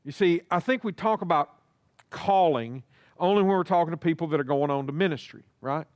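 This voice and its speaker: Animated preacher man. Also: a little high, brisk, smooth, dry recording, studio quality. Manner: animated preaching, acts out little dialogues, talks to the congregation. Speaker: pastor. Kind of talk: sermon. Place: church sanctuary.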